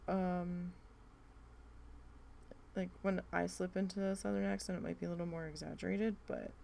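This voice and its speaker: A young woman with a New Jersey accent, chatting casually and thinking out loud while she works on a craft project. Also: fairly low pitch, flat delivery, moderate pace, vocal fry, slight background noise. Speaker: craft vlogger.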